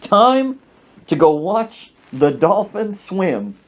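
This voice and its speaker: A man's voice: high-pitched, sing-song, extremely slow, pitched above the performer's own voice, heavily acted. A man doing a proud party-throwing man. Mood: announcing. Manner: showy, announcing tone. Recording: dull lo-fi recording.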